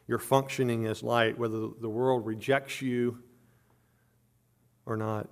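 A middle-aged man preaching a sermon earnestly, stumbling over repeated words and rising on emphatic points. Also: creaky. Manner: earnest preaching with frequent word repetitions and restarts; rises in pitch and volume on emphatic points. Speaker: pastor.

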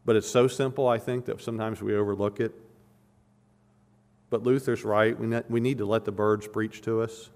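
A man's voice: lowish voice, steady tone, moderate pace, a little mellow. A man preaching an expository sermon, emphatic and repeating phrases to stress his points.

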